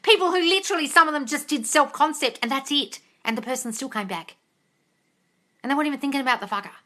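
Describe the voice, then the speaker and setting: A woman hosting a live question-and-answer stream, with a fairly high, bright and forceful voice. She talks bluntly and swears freely, calling her listeners darling. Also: quick pace. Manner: blunt, profane and exasperated. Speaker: host answering viewer questions. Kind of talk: livestream Q&A.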